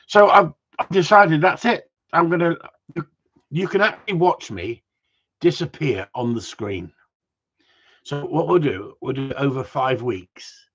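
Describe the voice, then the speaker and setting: A man's voice: mid-range voice, a bit bright. Cheeky rambling man, lo-fi. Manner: rambling, cheeky, swears freely. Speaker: vlogger. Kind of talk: casual chat to viewers.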